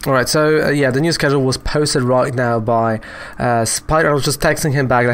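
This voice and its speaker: A man's voice: mid-range voice, fairly even intonation, normal speed, a little hiss or hum. A man giving casual, joking commentary while playing an online card game, often adding "right?" and "you know". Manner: chatty, peppers talk with "right?" and "you know"; joking, self-mocking asides.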